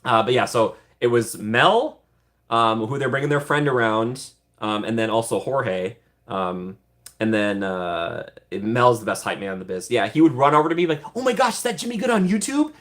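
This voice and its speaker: A young American man hosts a casual livestream, chatting upbeat with viewers, laughing often and rambling with fillers. His voice is lowish and a bit bright, at a normal speed.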